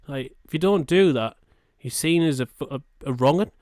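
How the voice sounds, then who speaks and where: A man's voice: a little high, normal speed, a little mellow, dry recording, studio quality. A man with a northern English accent, a podcast co-host, rambling bluntly and swearing in casual chat.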